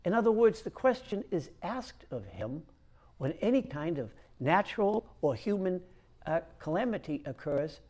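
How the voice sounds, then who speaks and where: Lively, high-voiced male priest. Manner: conversational storytelling with frequent "uh" pauses. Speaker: Catholic priest. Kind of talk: homily.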